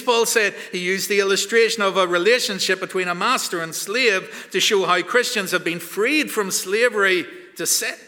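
A man's voice: high voice, pushed and bright, in a large hall. A man preaching a sermon, earnest and building to emphatic peaks.

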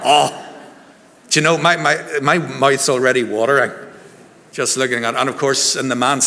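A man's voice: mid-range voice, sharp tone, long reverb tail, slight background noise. A man, a minister giving a harvest service sermon in a chatty, jokey way and quizzing the congregation. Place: church.

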